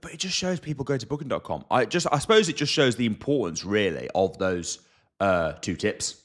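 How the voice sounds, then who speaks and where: A man's voice: on the low side, expressive, a little fast, a bit bright. A man co-hosting a podcast, chatting loosely and without a script. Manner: conversational, loose and unscripted. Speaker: podcast co-host. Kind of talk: casual chat.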